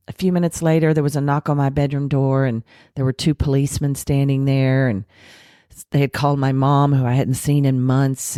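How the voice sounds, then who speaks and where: A woman with a notably deep voice recounts her past with blunt candor, animating the people she quotes. When she makes a point she slows and softens her delivery. The sound is dry and close, with no room around it. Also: no echo. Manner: frank, animated retelling with acted quotes and self-deprecating laughs. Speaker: podcast guest. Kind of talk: candid recovery storytelling.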